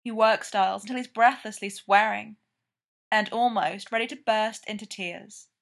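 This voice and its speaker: A woman reading a story aloud, narrating in a slow, measured way. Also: medium pitch, fairly even intonation, creaky. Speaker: reader of fan fiction.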